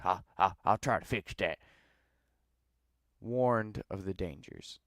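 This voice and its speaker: A man's voice: low voice, slow, pauses often, a bit bright, no room sound, studio quality. A man hosting a podcast, casually reading news articles aloud and breaking off into sarcastic, dismissive asides. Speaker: podcast host. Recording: live with no editing.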